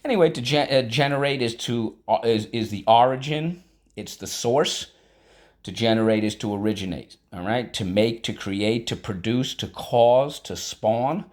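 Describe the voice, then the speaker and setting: A man teaching a vocabulary and spelling lesson, breaking words into syllables slowly and talking casually with frequent check-ins. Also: mid-range voice. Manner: slow, deliberate syllable-by-syllable teaching; conversational, with frequent fillers like "all right".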